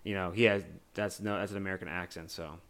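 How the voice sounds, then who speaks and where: Male podcast co-host, lower register, loose joking delivery that restarts itself often. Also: steady tone, fast talker, fairly bright tone, clean tone. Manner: joking, loose, swears casually; rambling with many restarts. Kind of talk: casual movie discussion.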